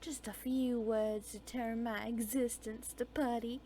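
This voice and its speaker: Slow, soft-spoken woman storyteller. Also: a little high, flat delivery, a little hiss or hum. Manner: slow, soft, dreamy delivery that drops into whispers. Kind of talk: reading a dark romance story aloud.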